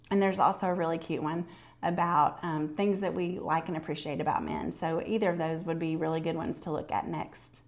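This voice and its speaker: A woman's voice: low voice, steady tone, brisk, creaky. A woman in her fifties vlogging to camera, chatting casually and telling stories with lots of fillers. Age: 50s. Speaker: lifestyle vlogger.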